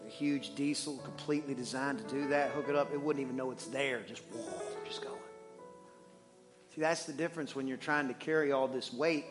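A man preaching a sermon in church as the pastor, animated and joking, swinging between loud and hushed. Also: medium pitch, quick pace, hardly any pauses, over music.

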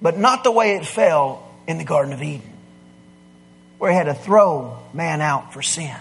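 A man preaching a sermon, swinging from quiet asides to loud, emphatic declarations. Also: on the high side, expressive, normal speed, creaky, slightly rough. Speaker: pastor.

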